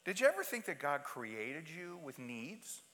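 A man preaching with a high, bright voice that rings through a large hall with long reverb. He swings between loud, urgent passages and hushed asides, and acts out quoted prayers and pleas. The sound is a sermon echoing through a church space. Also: sing-song, measured pace, a little hiss or hum.

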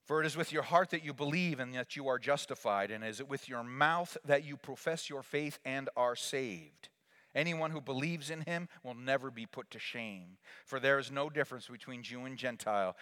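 A man preaching a sermon as pastor, swinging from hushed lines to loud calls for the congregation to repeat after him. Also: medium pitch, smooth. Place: church sanctuary. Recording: long reverb of a large hall.

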